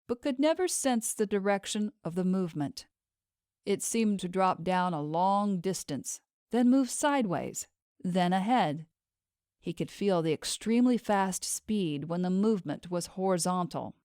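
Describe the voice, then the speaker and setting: Lady reading an audiobook, lowish smooth voice, measured, dry close sound. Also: darkish tone, no echo. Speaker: audiobook narrator. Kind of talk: scripted narration.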